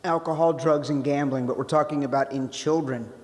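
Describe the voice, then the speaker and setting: A man's voice: a little high, steady tone, a little fast. A man giving a conversational sermon-style talk as a guest speaker, restarting phrases and adding joking asides. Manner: conversational, self-interrupting, jokey asides. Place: church sanctuary. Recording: long hall reverb.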